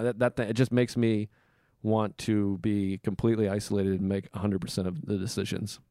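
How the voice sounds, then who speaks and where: A man's voice: fairly quick, smooth. A male podcast host talking casually from a hotel room. He slips into other people's voices with sudden leaps upward. The sound is close and dry, with no room echo. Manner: animated, acts out quoted people with big jumps in pitch. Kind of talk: casual chat.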